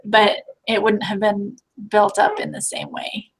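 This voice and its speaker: Relaxed woman trailing off mid-thought. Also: medium pitch, unhurried, slightly rough, poor audio. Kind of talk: casual chat.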